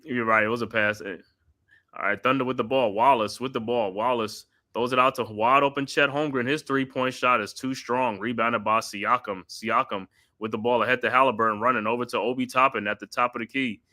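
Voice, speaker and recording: Bright-voiced guy doing steady play-by-play for a watch party, chatty asides. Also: medium pitch, brisk. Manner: steady running call with casual asides. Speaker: watch party host calling the game. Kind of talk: live play-by-play commentary.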